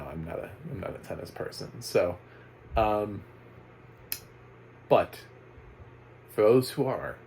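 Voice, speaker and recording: A man's voice: on the low side, a little mellow, a little hiss or hum, poor audio. A man giving a casual, rambling video review of a documentary, full of fillers, restarts and chuckles. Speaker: movie reviewer.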